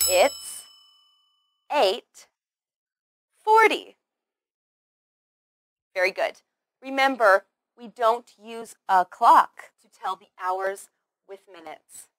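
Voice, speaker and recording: This woman speaks at a fairly high pitch with a bright, forceful tone and no echo. She teaches English pronunciation slowly from a script, over-articulating words, drilling them through repetition, and praising the learner.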